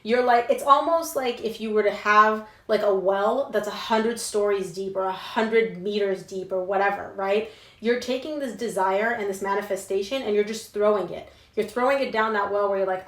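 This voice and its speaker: A woman's voice: medium pitch, moderate pace. Young woman reading tarot, casual and emphatic, slangy, roomy sound. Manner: chatty and emphatic, slangy asides. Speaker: tarot reader. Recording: roomy echo.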